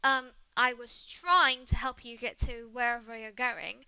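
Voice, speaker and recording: A woman voicing a poised young British woman trainer who speaks in a prim, gently condescending way with a put-on British accent. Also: on the high side, fairly even intonation, a little slow, clean tone, no room sound, dull audio, exaggerated voice. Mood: polite.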